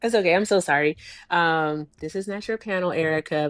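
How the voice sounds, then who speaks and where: A woman's voice: fairly low pitch, fairly quick, dry recording. Chatty woman co-hosting a livestream. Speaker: livestream co-host. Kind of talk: casual livestream chat.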